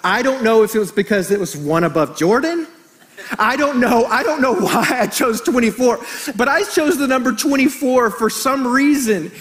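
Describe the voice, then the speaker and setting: A middle-aged man preaching a sermon as pastor, animated and storytelling, joking with the congregation. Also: extremely high pitch, normal speed.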